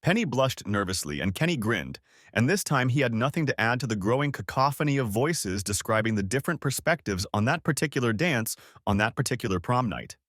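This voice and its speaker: A man narrating a scripted audiobook story with expressive storytelling. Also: mid-range voice, brisk, no echo, studio quality.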